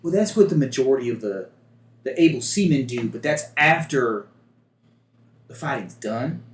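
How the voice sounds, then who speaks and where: A man's voice: medium pitch, animated, moderate pace, echoey room. A man narrating as game master in a rambling way, with many restarts.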